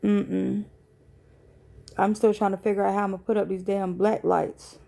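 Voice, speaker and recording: A woman's voice: mid-range voice, little pitch movement, normal speed, creaky, dark tone. A woman hosting a casual live stream from home at night, sleepy and yawning, greeting viewers in a laid-back, profane way. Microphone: phone.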